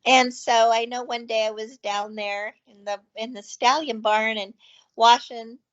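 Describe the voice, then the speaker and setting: A woman who owns a ranch, chatting as a guest and telling stories in an excited, rambling way full of fillers. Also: fairly high pitch, a little slow. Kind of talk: casual chat. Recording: dull lo-fi call audio.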